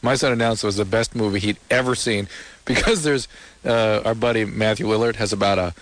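A man co-hosting a radio advice show as the doctor, answering callers in a calm, matter-of-fact way from the studio. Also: fairly low pitch, brisk.

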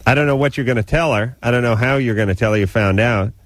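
A man's voice: mid-range voice, quick pace, no room sound. A man hosting a radio call-in advice show, crude and teasing with callers.

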